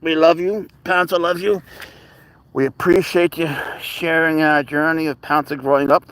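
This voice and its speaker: A man's voice: on the high side, flat delivery, normal speed, a bit bright, dry recording. Chatty man rambling on a live stream. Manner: rambling, conversational storytelling; coos baby talk to his cat. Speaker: livestream host and pet owner; teacher. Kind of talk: casual live-stream chat.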